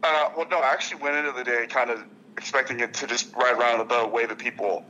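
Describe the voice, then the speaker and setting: A man's voice: mid-range voice, fairly even intonation, quick pace, sharp tone, lo-fi sound, slight background noise. A young man being interviewed as a ballplayer, telling stories in a rambling way with many restarts. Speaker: guest, professional baseball player. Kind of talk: casual interview conversation.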